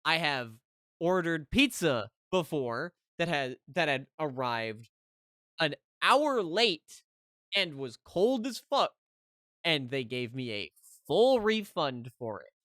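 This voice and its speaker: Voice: medium pitch, very animated, slow, a bit bright, no echo, studio quality. A streamer telling a story to chat in a heated, casual rant, keeping on asking "right?".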